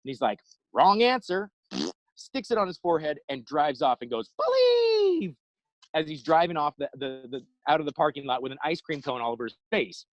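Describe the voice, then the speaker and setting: Animated man telling a story, dry sound. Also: fairly high pitch, fast, hardly any pauses, no echo, muffled recording. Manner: animated storyteller, acts out quotes. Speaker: inspirational speaker. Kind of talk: storytelling talk on a live video call.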